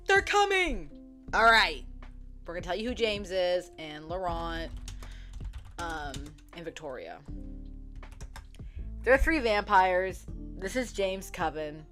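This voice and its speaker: A young woman casually retelling a story to her viewers, chatty and profane, full of "like" fillers, acting out characters' lines in quick quotes. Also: on the low side, a bit bright. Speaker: book vlogger. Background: faint background music.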